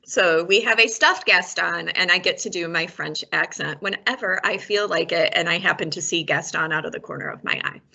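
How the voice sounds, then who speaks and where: Librarian host mom, relaxed anecdote delivery, somewhat low, very bright voice. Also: female voice, normal speed, vocal fry, hardly any pauses, muffled recording. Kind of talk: casual book chat.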